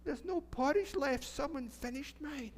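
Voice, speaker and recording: A little bear cub with a high, plaintive voice, as a Scottish man puts it on. It sounds small and hard done by, a storybook creature. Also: a little slow, a little hiss or hum.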